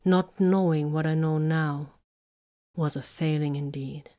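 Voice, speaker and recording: A woman voicing a shrewd, composed female inquisitor in an audiobook, calm and solemn. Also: low-pitched, measured pace.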